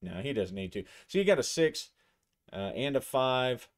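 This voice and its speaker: A man's voice: medium pitch, lively intonation, normal speed. A man narrating a solo tabletop game, thinking aloud as he describes the action and his dice rolls.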